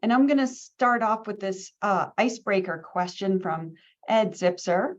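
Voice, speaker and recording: A woman's voice: mid-range voice, a little slow, muffled recording. A woman hosting a webinar and moderating its Q&A over a video call, friendly and loose, with many fillers.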